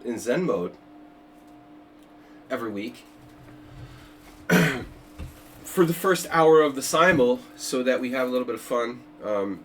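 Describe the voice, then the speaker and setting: An older man chats casually to his stream while hosting a chess simul, joking and rambling from one aside to the next. His voice sits in a middle pitch and reaches a home streaming mic with a faint hiss of noise behind it. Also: a little slow, long pauses. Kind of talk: casual livestream chat.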